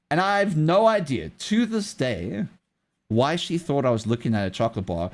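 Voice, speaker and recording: A man streaming live while drawing, chatting casually and telling a story in a rambling way with many restarts. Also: a little high. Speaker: livestreamer.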